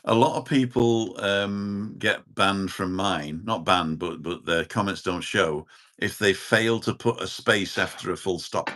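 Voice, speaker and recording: A man in his sixties talks as a podcast guest. His very low voice carries a dry, deadpan wit, delivered plainly and without fuss. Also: measured pace. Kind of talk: casual chat.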